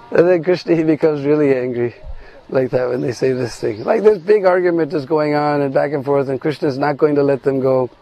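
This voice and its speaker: A man telling a devotional story, animated, with many asides and fillers. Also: on the high side, brisk, dry recording, poor audio. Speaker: spiritual storyteller.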